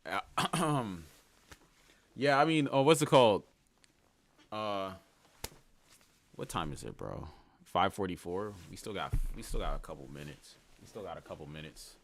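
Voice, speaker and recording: A man's voice: deep voice, sing-song, a little slow, long pauses. A man livestreaming and chatting casually with his viewers, talking in slang, rambling and laughing often. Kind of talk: casual stream chat, reading chat aloud.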